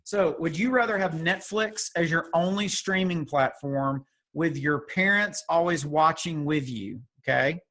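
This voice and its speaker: A man with a somewhat high voice hosts a casual video call. He talks in a playful, teasing way and drifts into chatty asides. The sound comes through a video call mic. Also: a little slow, hardly any pauses, fairly bright tone. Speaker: youth group leader.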